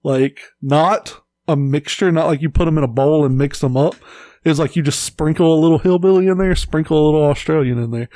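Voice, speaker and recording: A man's voice: fairly high pitch, fairly quick, mellow, dry recording. Laid-back man telling stories on a podcast. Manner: easygoing storyteller, swears casually. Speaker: podcast co-host. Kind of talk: casual chat.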